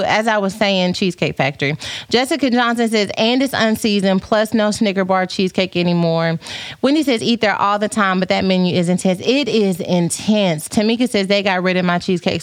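Woman host just chatting on her podcast, super animated and playful, reads comments out, dead dry mic sound. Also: mid-range voice, no echo. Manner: animated, playful, dramatic retelling. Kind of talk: casual storytelling chat.

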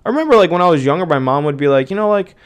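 Young man, podcast host, casual rant, rambling, profane, exasperated, smooth resonant voice. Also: a little high, expressive, very fast.

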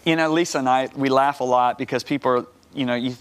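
A middle-aged man, a guest minister, telling a personal testimony on a talk show, acting out the dialogue and rising loud when emphatic. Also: mid-range voice, fairly even intonation, fast talker, clean tone. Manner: acts out quoted dialogue.

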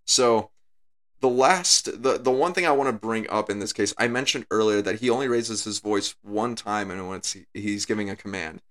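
Low-voiced man breaking down a villain. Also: moderate pace, a bit bright. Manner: talks things through, repeats his points. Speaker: video essay creator. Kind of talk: casual analytical commentary.

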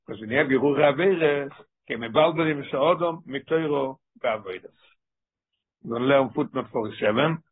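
Rapid, husky man teaching over a phone line. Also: medium pitch. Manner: reads Hebrew quickly, then explains slowly in English with Yiddish-inflected terms. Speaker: Torah teacher. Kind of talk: text study lesson. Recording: tinny phone-line audio.

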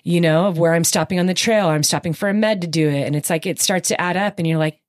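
A woman in conversation, recounting an endurance race in a casual, animated storytelling manner with frequent fillers and quick emotional bursts. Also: fairly low pitch, no echo, clean studio sound. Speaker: podcast guest recounting her race.

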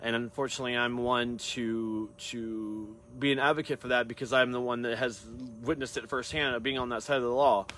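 A man's voice: medium pitch, fairly even intonation, a little fast, few pauses, a bit bright. Man, casual vlog talk, rambling, lots of fillers and restarts, hairstylist, faint background noise.

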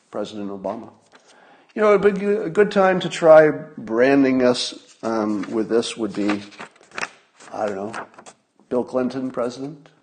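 A man's voice: on the low side, darkish tone. Wry, rambling male podcast host. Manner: conversational and wry, with frequent restarts and asides. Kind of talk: casual solo monologue.

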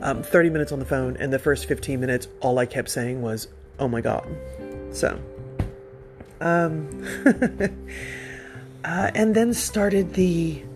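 A man hosting a podcast, telling a personal story in a casual, rambling way, with self-deprecating asides and soft laughs between thoughts. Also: on the high side, measured pace, long pauses, over music. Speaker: podcast host.

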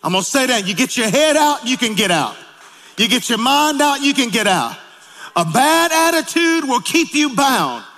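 A man preaching a sermon in a church, calling out to the congregation and rising to shouts. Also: extremely high pitch, sing-song, normal speed, long reverb tail. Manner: calls out to congregation, rises to shouting. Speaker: pastor. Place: church sanctuary.

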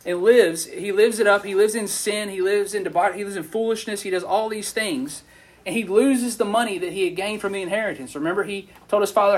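Giving a laid-back sermon to a youth group, this man has a high, husky voice and an animated manner. He draws the audience in by posing questions and tossing in quick asides.

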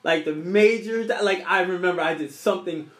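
A man's voice: sits high, a little fast, reverberant. A young man casually telling a story from his childhood, rambling and restarting his sentences often.

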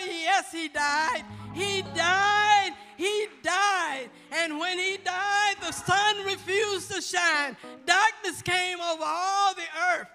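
A woman's voice: extremely high pitch, pushed and bright. A woman pastor preaching a fervent gospel sermon, repeating and building her phrases. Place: church sanctuary. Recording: church hall reverb with faint music.

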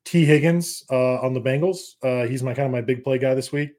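A man in casual sports chat, rambling and profane, talking fast in bursts and breaking down fantasy football picks with confidence. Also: mid-range voice, darkish tone. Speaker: podcast guest.

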